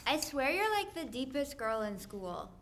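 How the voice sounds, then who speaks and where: A woman's voice: high voice, very animated, a little slow, background noise. A woman playing a bubbly teenage girl friend who gushes with lots of fillers. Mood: gushing. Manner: gushing, valley-girl fillers.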